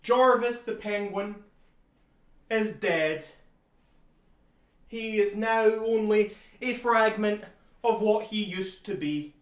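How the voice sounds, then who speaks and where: A man improvising a one-man play in a solemn, formal deadpan, sometimes bursting into bird cries. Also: high-pitched, slow pace, pauses often. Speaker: solo improv performer, as the bird lover. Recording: roomy, from a distance.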